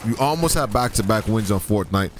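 A young man from the US Virgin Islands, excitably trash-talking in profane bursts as a game streamer. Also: lowish voice, fairly quick, a little hiss or hum. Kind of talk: casual live-stream commentary.

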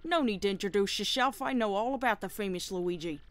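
A woman's voice: mid-range voice, brisk, fairly bright tone, lightly acted. A woman voicing a pompous, self-assured male penguin detective who speaks in a formal, theatrical way.

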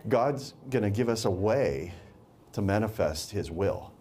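Male preacher, mellow voice, lively pitch, emphatic sermon delivery with repeated words. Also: measured pace, a little hiss or hum.

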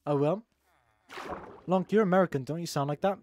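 Young adult male streamer, crude teasing banter, slightly higher voice, mildly sore throat, dry close mic. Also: a little fast, darkish tone, no echo. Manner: teasing, crude, laughing, reads chat aloud. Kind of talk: casual live-stream banter.

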